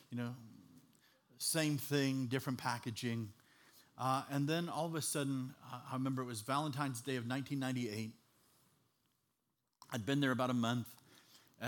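A man from Chicago preaching a personal testimony in a conversational, storytelling style, with humor and frequent fillers. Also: mid-range voice. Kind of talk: testimony sermon.

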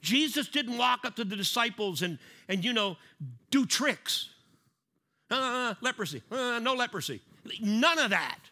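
Bright-voiced man preaching. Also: very high voice, animated, a little slow. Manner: conversational preaching, acts out little scenes; repeats key lines for emphasis. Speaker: pastor. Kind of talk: sermon.

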